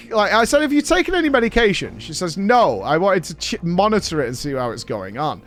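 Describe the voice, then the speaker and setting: A man from Britain, hosting a show and telling a story in a casual recap, animated and swearing freely. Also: high-pitched, a little fast, faint music behind. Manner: animated, swears freely, acts out quoted dialogue. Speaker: show host.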